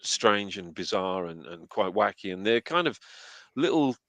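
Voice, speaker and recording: Enthusiastic English man, low voice. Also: lively intonation, a bit bright, no room sound. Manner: enthusiastic, halting with many restarts. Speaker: host. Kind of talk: casual film chat.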